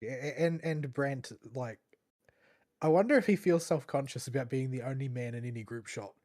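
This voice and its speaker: A man's voice: mid-range voice, normal speed, darkish tone. A man co-hosting a podcast, hesitant and full of fillers and restarts, with a dry wit. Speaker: podcast co-host. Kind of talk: casual chat.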